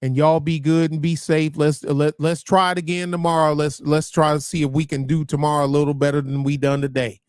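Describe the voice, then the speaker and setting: Blunt, rambling livestream host, dry sound. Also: male voice, on the high side, little pitch movement, fairly quick, hardly any pauses, darkish tone, clean tone, no echo. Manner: blunt, profane, repeats and restarts phrases.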